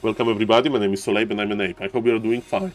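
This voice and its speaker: A man who is not an English speaker, commentating a strategy game match live on stream, greeting viewers and getting loud at big plays. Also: on the low side, very fast, faint music behind. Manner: excitable, shouts at big plays, non-native English phrasing. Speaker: esports caster and streamer.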